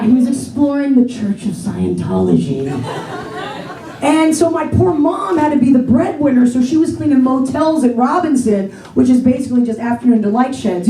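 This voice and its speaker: A woman of forty from the Pittsburgh area doing a brash, self-mocking stand-up set on a theater stage. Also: sits high. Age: 40s. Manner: brash, self-mocking, swings into loud exclamations. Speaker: stand-up comedian. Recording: echoey room from far, crowd laughter.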